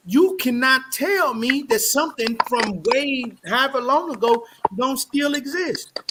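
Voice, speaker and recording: A man on a discussion panel, ranting in a loud, profane and animated way. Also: very high-pitched, a little slow, heavy background noise.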